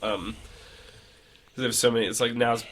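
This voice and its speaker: A man's voice: mid-range voice, steady tone, moderate pace, a little hiss or hum. A young man co-hosting a casual podcast, telling a rambling travel story full of fillers. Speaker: podcast co-host. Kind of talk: casual chat.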